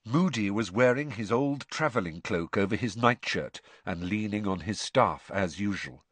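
A man narrating a novel as an audiobook, in an expressive, dramatic storytelling way, recorded in a studio. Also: fairly low pitch, moderate pace, no room sound.

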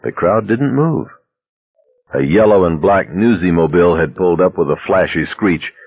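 A man narrating a story aloud in a steady, measured reading. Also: low voice, slightly rough. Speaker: audiobook narrator. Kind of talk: scripted narration. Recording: dry tinny phone-like sound.

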